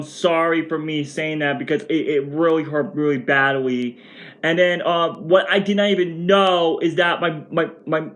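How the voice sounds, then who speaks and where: Twenty-something guy ranting casually at home, kinda high voice, rambly and worked up. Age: 20s. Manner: rambling, excitable, many restarts. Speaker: vlogger. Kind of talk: casual storytime rant.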